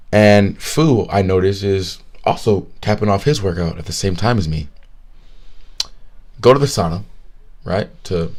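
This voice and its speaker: A man in his twenties, co-hosting a podcast, telling a story in a profane, animated way. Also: low-pitched. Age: 20s. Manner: animated, profane, retelling with quoted voices. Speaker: podcast co-host. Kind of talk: casual storytelling chat.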